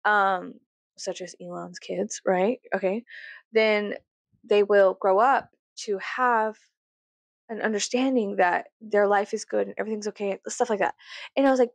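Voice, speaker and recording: A woman's voice: steady tone, a little slow, vocal fry, no room sound. A woman venting in a casual, profane, rambling rant to her viewers. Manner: profane, rambling, self-mocking; swings between low musing and loud high exclamations. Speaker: vlogger.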